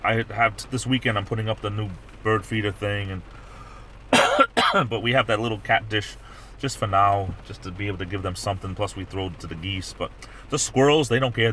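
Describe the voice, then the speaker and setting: With a fairly low, slightly bright voice, a middle-aged livestream host makes casual, meandering conversation, frequently starting his sentences over. A little hiss or hum runs beneath the recording.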